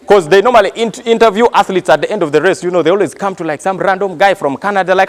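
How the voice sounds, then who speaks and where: A man's voice: sits high, very fast, few pauses. A Ugandan-accented man performing live stand-up, telling stories animatedly and acting out characters. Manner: animated storytelling, acting out voices. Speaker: stand-up comedian. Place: theatre stage, live. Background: audience laughter.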